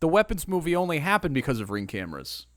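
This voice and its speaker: A man co-hosting a casual podcast chat, telling animated stories and acting out what other people said. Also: on the high side, fast talker. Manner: animated storyteller who acts out other people's lines. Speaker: podcast co-host.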